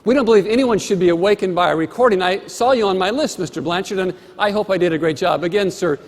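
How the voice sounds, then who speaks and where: A man's voice: sits high, fast. A man voicing a cheerful, polite female hotel maid on a wake-up call, in a hall with long reverb. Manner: sunny, polite, attentive.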